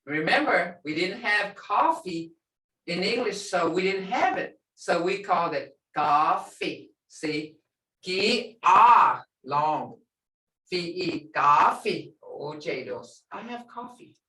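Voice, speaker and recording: Older woman, language teacher, very slow unhurried delivery, repeats phrases, roomy echo, set back from the mic. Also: fairly low pitch, lively intonation, pushed and bright. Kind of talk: relaxed classroom teaching. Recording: echoey room, distant from mic.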